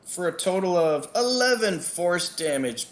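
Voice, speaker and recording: A man playing a tabletop game, planning his character's turn slowly and deliberately. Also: sits high, expressive. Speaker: player.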